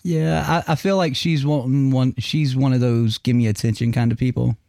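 A man's voice: mid-range voice, fairly even intonation, moderate pace, creaky, warm tone, dry recording, clean studio sound. A man co-hosting a podcast, ranting sarcastically and swearing constantly. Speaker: podcast co-host. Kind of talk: casual chat.

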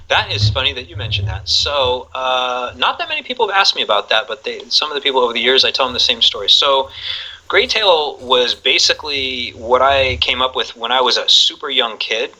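A man's voice: mid-range voice, animated, normal speed, sharp tone, low-quality recording. A man in casual chat, talking enthusiastically and rambling with plenty of fillers.

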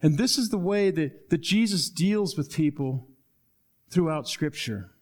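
High-voiced man preaching a sermon. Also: unhurried. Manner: animated, acts out Bible dialogue, drops to soft low tones for emphasis. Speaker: pastor.

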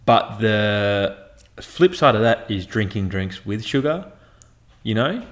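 A man's voice: lowish voice, sing-song, slow. A young man chatting casually as a podcast co-host, rambling and leaning on filler words. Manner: rambling, leans on "like". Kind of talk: casual chat.

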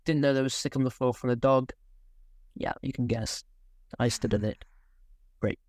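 A man's voice: mid-range voice, fairly even intonation, moderate pace, darkish tone, no room sound, studio quality. A young man co-hosting a casual podcast, rambling and laughing as he talks. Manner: rambling, self-interrupting, laughs often. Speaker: podcast co-host.

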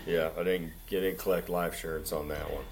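A man co-hosting a casual podcast, telling a rambling story in an animated way and saying "dude" constantly. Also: low voice, fairly quick, noisy background. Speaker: podcast co-host.

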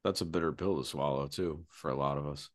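A man's voice: extremely low pitch, a little fast. A man hosting a podcast, reflecting aloud and asking questions.

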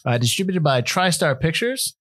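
A man's voice: a little high, very animated, moderate pace, fairly bright tone, breathy edge, no room sound, studio quality. A man co-hosting a film podcast, joking around while running through release facts in a breezy way. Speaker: podcast co-host. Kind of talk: casual film podcast chat.

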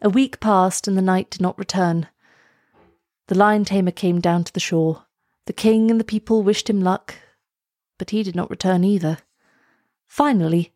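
A woman reading a children's storybook aloud in a calm, clear way. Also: lowish voice, no echo, studio quality. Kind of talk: storybook read-aloud narration.

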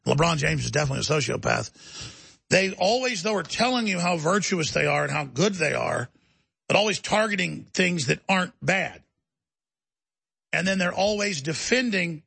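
Gravelly, forceful ranting talk-show man. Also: high-pitched, dry recording. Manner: ranting, emphatic and heated. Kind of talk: impassioned talk-show monologue.

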